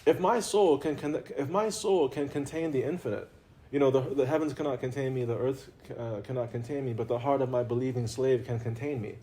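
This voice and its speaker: Mellow-voiced man giving spiritual talk. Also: medium pitch, brisk. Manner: conversational and playful, laughs often, repeats himself. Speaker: religious teacher. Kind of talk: informal spiritual talk to a live audience.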